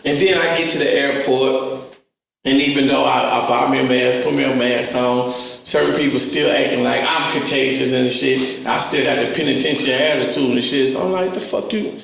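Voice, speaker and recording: A middle-aged man, telling animated, profane stories in a casual interview. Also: medium pitch, moderate pace, vocal fry, slight background noise. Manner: animated, profane street storytelling, acts out voices. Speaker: interview guest. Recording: echoey room, mic at a distance.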